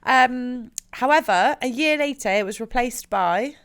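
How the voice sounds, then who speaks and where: A woman co-hosting a podcast in casual chat, blunt, sweary and quick to giggle. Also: on the high side, animated, a bit bright, clean tone. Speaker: podcast co-host.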